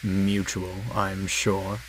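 A man voicing a deep, hoarse male engine who is formal, courteous and aloof, speaking slowly. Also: expressive, heavy background noise. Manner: courtly, polite, slow formal speech.

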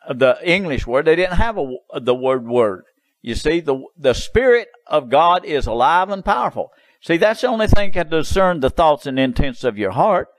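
A man's voice: mid-range voice, dry recording, rough recording. A man preaching a sermon in an insistent, repetitive way, with drawled "you see" asides.

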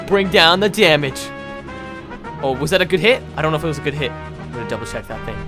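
A young man hosting a modded game, chatting excitably to viewers and slipping into playful villain role-play. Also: on the high side, fast talker, soft background music. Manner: excitable, keeps addressing viewers as guys. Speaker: gaming channel host.

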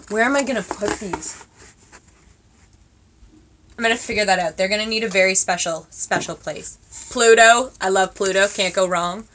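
A woman in her twenties talks straight to her viewers while opening presents, gushing over each one. Her voice is bright and forward, and her pitch sits mid-range for a woman. She talks excitably, with gasps and lots of fillers. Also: unhurried, pauses often. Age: 20s. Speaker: vlogger. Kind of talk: casual unboxing chat.

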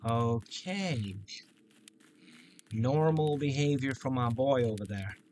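A man's voice: mid-range voice, slow pace, darkish tone, slight background noise. A man giving playful, joking let's-play commentary on a shooter game. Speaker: gameplay commentator.

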